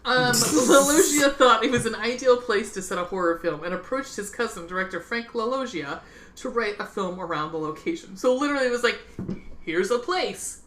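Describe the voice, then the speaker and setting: A woman's voice: fairly high pitch, fairly quick, a bit bright. A woman co-hosting a casual podcast, laughing and swearing freely as she reads out film notes. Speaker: podcast co-host. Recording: roomy with faint background noise.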